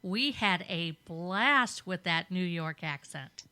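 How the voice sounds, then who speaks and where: An American woman co-hosting a podcast, enthusiastic and quick to agree. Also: lowish voice, animated, bright, forceful tone, clear, resonant tone. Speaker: podcast co-host. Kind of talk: casual chat.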